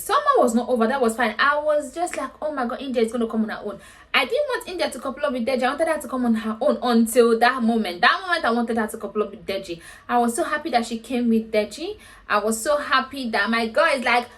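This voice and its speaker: A woman's voice: a little high, a bit bright. A woman hosting a reality show recap, chatting casually and acting out quotes in a raised voice. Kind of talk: casual commentary.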